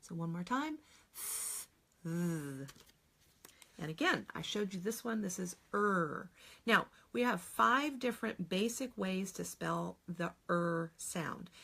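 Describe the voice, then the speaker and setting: A woman's voice: mid-range voice, creaky, fairly bright tone, husky. A middle-aged woman teaching a phonics lesson on video, explaining patiently step by step and modeling each sound aloud.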